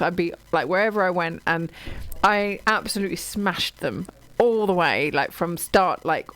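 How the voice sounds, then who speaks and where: Chatty, gushing woman with a lowish voice. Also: clear, resonant tone, poor audio. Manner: gushing, digressive, many ums and restarts. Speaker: radio show guest or presenter talking books. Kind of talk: casual chat about books on radio.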